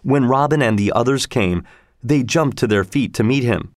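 A man narrating a storybook in a steady, measured way. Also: mid-range voice, no room sound, clean studio sound.

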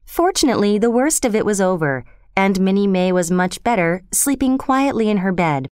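A woman narrating a children's storybook in a steady, gentle, expressive reading. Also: mid-range voice, moderate pace, clear, resonant tone, dry recording, studio quality.

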